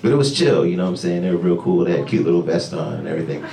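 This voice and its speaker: A male stand-up comedian telling a story to a club audience, with animated delivery that jumps into high, excited voices. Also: very fast, creaky, a crowd in the background. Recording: echoey club sound from far off.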